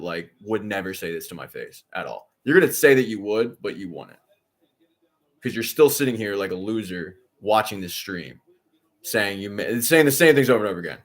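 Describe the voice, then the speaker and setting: A young adult man talks into his stream mic, his voice sitting a little low. He scolds a chat troll with sarcastic, repetitive jabs, all while insisting he's perfectly calm. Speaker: watch-along streamer.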